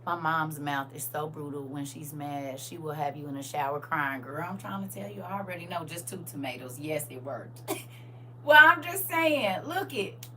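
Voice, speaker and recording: A woman hosting a casual livestream chat, talking straight to her viewers in a playful, animated way and laughing often. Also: deep voice, moderate pace, slight background noise. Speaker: livestream host.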